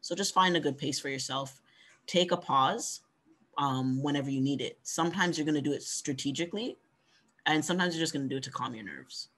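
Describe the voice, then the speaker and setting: Conversational man coaching on pitching. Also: brisk, pushed and bright. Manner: conversational, frequent "right?" tag questions; coaching, encouraging. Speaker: workshop presenter. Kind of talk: online workshop talk.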